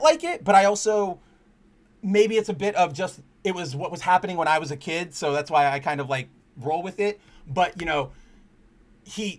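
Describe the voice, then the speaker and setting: High-voiced man rambling about comics. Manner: rambling, restarts often, swears freely; earnest and candid when personal. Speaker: podcast host. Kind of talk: casual comic book chat stream.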